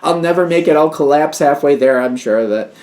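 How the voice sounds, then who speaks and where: A man's voice: on the high side, fairly quick, darkish tone, pitched above the performer's own voice, natural voice. A man putting on the voice of a whiny, helpless adult who melodramatically complains that they can't manage on their own. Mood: whining. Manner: whining, exaggerated complaining.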